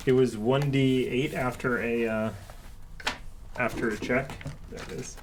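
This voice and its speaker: A man's voice: mid-range voice, fairly even intonation, a little slow, background noise. A man narrating as dungeon master, describing scenes and laughing often. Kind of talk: narrating a tabletop game.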